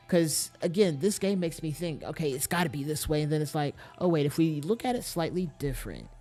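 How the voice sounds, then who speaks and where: A man's voice: fairly high pitch, expressive, brisk, mellow, faint music behind. A man streaming a mystery game, thinking aloud, restarting sentences and reading in-game letters aloud with small stumbles.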